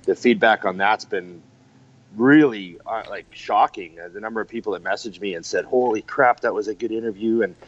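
A man speaking as a podcast guest, relaxed and easygoing, with plenty of fillers. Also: lowish voice, fairly quick, muffled recording. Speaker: podcast guest, gym owner. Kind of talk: casual interview talk.

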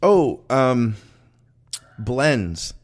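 A man's voice: mid-range voice, sing-song, drawn-out words. A man hosting a podcast, reading out listener questions in an easygoing, joking way. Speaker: podcast host. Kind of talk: casual podcast chat.

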